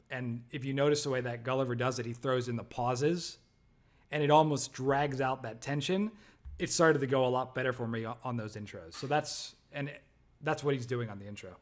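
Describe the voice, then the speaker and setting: A man sharing his training experience in casual conversation, reflective and halting. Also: medium pitch. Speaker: sales trainee.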